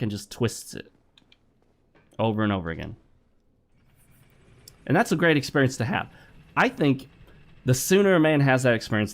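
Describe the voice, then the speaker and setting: A middle-aged man giving blunt, opinionated commentary while playing a game, lecturing and repeating himself. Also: medium pitch. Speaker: gaming commentator. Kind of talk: opinionated commentary over gameplay.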